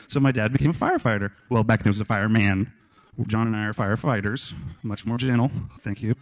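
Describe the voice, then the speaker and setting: A man's voice: fairly low pitch, fast talker. Wry middle-aged man telling family stories. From Kansas. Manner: wry, joking, acts out voices in quotes. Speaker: storyteller. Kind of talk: live storytelling on stage.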